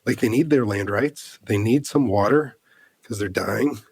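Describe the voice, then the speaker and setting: A man's voice: fairly low pitch, unhurried, creaky, a little mellow, slightly rough, no room sound. A man in his thirties from the United States, a podcast guest telling a heartfelt personal story in an earnest way, full of "like" fillers and restarts.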